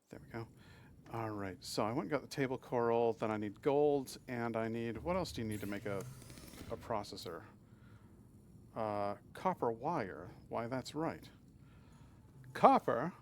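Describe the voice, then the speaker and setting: A man's voice: lowish voice, a little hiss or hum. Chatty man streaming, restarting sentences. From Massachusetts, USA. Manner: chatty, often restarts and stammers, reads and answers chat. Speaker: game streamer. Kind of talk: casual live-stream chat while gaming.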